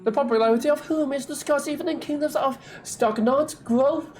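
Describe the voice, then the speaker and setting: A game streamer voicing a flamboyant, self-important male poet, reading game dialogue in a grandiose, drawn-out theatrical style. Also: high-pitched, darkish tone, voice pushed up, natural voice.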